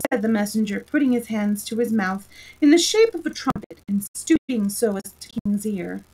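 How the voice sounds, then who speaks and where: A woman storyteller reading a children's story aloud in steady, plain narration. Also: mid-range voice, normal speed, slightly rough, far from the mic, poor audio.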